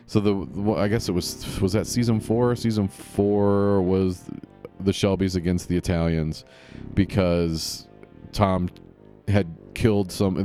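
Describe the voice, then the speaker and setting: Rambling, low-voiced podcast host. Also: male voice, warm tone. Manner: rambling, self-correcting, chuckling. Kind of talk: casual podcast chat.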